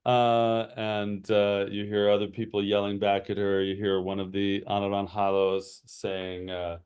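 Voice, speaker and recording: A man runs a tabletop game in a slow, halting way, with his low voice dotted with fillers as he sets each scene. He takes his time over every line. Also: monotone, a little mellow, smooth. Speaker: game master.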